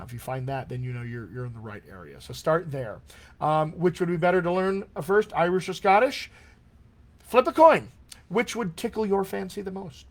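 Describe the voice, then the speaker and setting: A man with a slightly high voice runs a live-streamed accent class. He answers questions in a chatty, enthusiastic way and keeps clearing his throat from allergies. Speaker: dialect coach.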